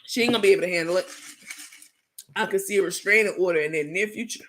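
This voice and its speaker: A woman's voice: medium pitch, quick pace, slight background noise. A woman hosting a casual late-night livestream, sassy and salty, laughing often and answering viewer comments as she goes. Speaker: livestream host.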